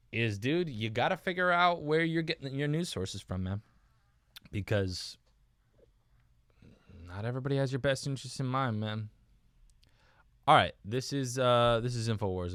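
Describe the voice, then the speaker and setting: Young male podcast host, low voice, self-mocking rambler, dry close mic. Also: a bit bright, dry recording. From United States. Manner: rambling, self-mocking, says dude and man a lot. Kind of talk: casual solo podcast talk.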